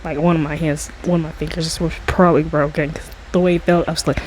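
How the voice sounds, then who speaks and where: A woman with a fairly low speaking voice tells a personal story to her audience, wandering off into asides and circling back again. She leans on fillers and restarts, and her pitch climbs when the drama builds. A faint hiss sits under the recording. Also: fairly quick, few pauses, poor audio. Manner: rambling, full of fillers and restarts; gets high and excited when retelling dramatic moments. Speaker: storytime vlogger. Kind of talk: casual storytime monologue.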